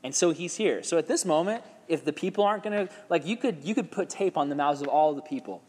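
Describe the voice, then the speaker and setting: A man's voice: on the high side, lively intonation, fast, a little mellow, in a large hall. A young man giving a casual sermon to a youth group, talking in a laid-back, slangy way with lots of "like" and acting out crowd voices.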